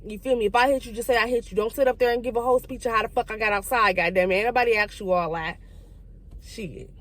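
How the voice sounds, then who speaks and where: A young woman tells a storytime at a rapid clip. Her voice sits a little high, and she swears freely and jumps into the voices of the people in her story. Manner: fast, profane, animated storytelling with quoted voices. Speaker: vlogger. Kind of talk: casual storytime.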